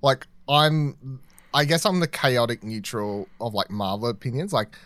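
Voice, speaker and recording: A man co-hosting a casual podcast, tossing in quick wry asides and laughing easily. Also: mid-range voice, a bit bright, dry recording. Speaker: podcast co-host. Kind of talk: casual pop-culture chat.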